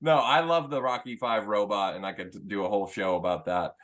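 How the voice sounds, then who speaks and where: A man's voice: on the low side, brisk, a bit bright. A man hosting a casual podcast who jokes, swears freely and steers the talk. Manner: joking, profane, steering the talk. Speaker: podcast host.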